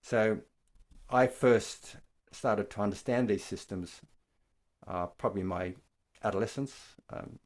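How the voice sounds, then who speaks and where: An older man giving a dharma talk as a meditation teacher, explaining things in a gentle, unhurried way. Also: lowish voice. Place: online talk from home.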